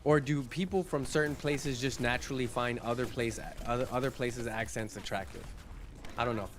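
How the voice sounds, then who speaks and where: A man's voice: mid-range voice, fairly even intonation, moderate pace, a little hiss or hum. A man streaming live, chatting casually with viewers and answering comments in a rambling way. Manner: chatty, rambling, restarts and repeats words while answering chat.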